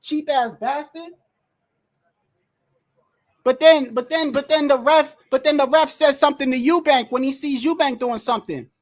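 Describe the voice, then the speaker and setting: Man, high-pitched streamer voice, profane fight reactions, frustrated and animated. Says "bro" a lot. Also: moderate pace, long pauses. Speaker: livestream host watching a boxing match. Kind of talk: excited live reaction commentary.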